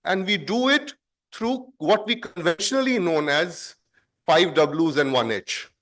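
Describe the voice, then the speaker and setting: Guy presenting at a conference, slightly high voice, slow and explanatory, leans on key words. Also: animated, fairly bright tone. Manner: measured, explanatory, stresses words for effect. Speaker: conference speaker.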